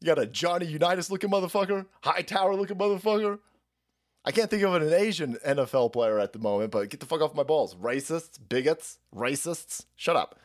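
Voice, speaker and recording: A man's voice: a little high, animated, a little fast. A man hosting a livestream, ranting crudely and laughing often. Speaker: streamer host. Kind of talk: profane livestream rant.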